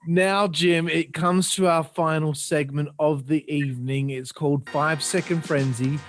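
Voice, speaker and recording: A man's voice: a little high, steady tone, unhurried, dry recording, soft background music. A man hosting a casual wrestling podcast, laughing often and calling his guest bro. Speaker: podcast host. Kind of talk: casual interview.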